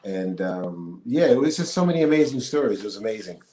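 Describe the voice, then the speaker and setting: This middle-aged man, an actor and singer, speaks a little fast in a lowish voice while chatting as an interview guest. He tells stories animatedly, laughing often and using plenty of fillers, and the casual conversation was captured in an echoey room with some faint noise.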